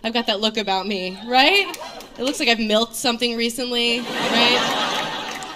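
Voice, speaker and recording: Deadpan woman comic, live crowd laughing. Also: fairly high pitch, unhurried, heavy background noise. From New York. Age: 30s. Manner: deadpan self-mocking delivery with frequent fillers. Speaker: stand-up comedian. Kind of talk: stand-up comedy set. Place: comedy stage before a live audience. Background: audience laughter.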